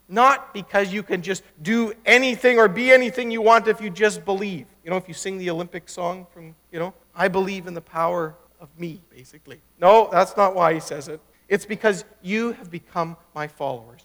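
A male pastor with a high voice delivers a chatty, lively sermon, punching his key words with sudden lifts. His voice carries through a church sanctuary, trailing a long hall reverb. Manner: animated and conversational, rising sharply for emphasis.

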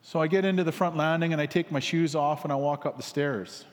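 A man's voice: on the high side, brisk. A man telling a parable in a casual, repetitive sermon, with many fillers and restarts. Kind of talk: rambling storytelling sermon. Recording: long hall reverb.

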